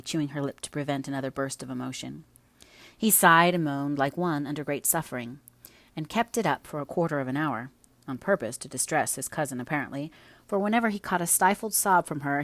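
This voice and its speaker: Low-voiced woman reading a classic novel. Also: brisk, dry recording. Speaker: audiobook reader. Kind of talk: audiobook narration.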